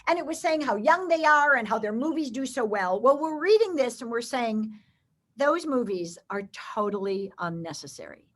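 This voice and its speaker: A woman recounts faith stories as an interview guest. Her voice sits high and moves through a wide, lively range. She brings each quoted line to life as she tells it. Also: normal speed. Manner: expressive, acts out quoted voices. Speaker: guest storyteller. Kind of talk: animated faith storytelling.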